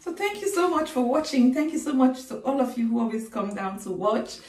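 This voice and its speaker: A woman's voice: high voice, expressive, fairly quick, a little mellow, recorded from a distance. A woman from Nigeria chatting casually to her viewers as a vlogger, laughing often and telling stories with animation. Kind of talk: casual chat to camera. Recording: echoey room, faint music, off-mic.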